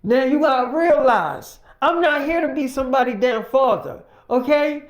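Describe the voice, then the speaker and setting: A woman voicing a hot-headed, ruthless man who rants and curses loudly. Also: mid-range voice, brisk, close to an everyday voice. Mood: menacing. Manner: cursing, menacing rant.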